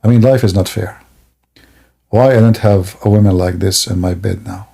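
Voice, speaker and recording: Gravelly, husky man mocking on a stream. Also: on the low side, fairly even intonation, moderate pace, warm tone. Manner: sarcastic, rambling, laughs at own jokes. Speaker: livestream host. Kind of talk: mocking comedic commentary.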